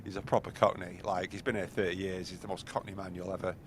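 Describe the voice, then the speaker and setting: Brief: low-voiced male podcast host, loose and chatty, lots of "you know". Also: level tone, fast, slight background noise. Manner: rambling, heavy on fillers like "you know". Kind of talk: casual chat.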